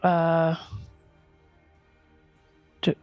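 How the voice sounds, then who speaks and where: A woman playing a tabletop game who speaks slowly and haltingly. She calls out her rolls and attacks one step at a time. Faint music plays behind her. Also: sits low, monotone, muffled recording. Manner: slow, halting dice calls. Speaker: player. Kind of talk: casual tabletop game play.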